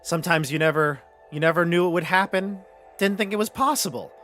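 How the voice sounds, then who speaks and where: A crusty old hag murmurs in a low, hushed voice, put on by a man running the game. She sounds falsely sorrowful. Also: a little fast, faint music behind. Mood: mock sorrow. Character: old female hag with crusty hands, mournful.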